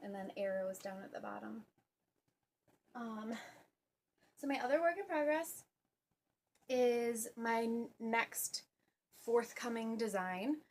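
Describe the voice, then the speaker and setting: A young woman hosting a casual knitting vlog at home, chatty and relaxed, full of ums and little laughs. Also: a little high, takes it slowly, long pauses, a little hiss or hum. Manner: chatty, with fillers and soft laughs. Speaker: knitting podcast host. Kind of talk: casual show-and-tell vlog.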